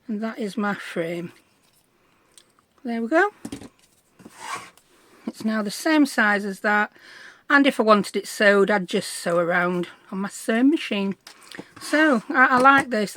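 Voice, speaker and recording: A woman's voice: a little high, a little slow, pauses often, a bit bright, a little hiss or hum. A middle-aged woman, chatting through a crafting tutorial in a bubbly, self-deprecating way. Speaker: craft vlogger.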